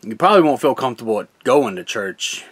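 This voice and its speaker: A man's voice: mid-range voice, big pitch swings, fast, breathy edge. A young man, a gaming channel host, talking casually and earnestly about his faith, rambling and laughing often. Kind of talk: casual personal testimony.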